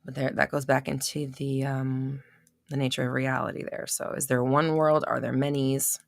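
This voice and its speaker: A woman hosting a live coaching stream, talking off the cuff with blunt, profane tough love that swings from soft apologies to heated lecturing. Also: extremely low pitch, flat delivery, normal speed, vocal fry, no echo, studio quality. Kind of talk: unscripted live coaching talk.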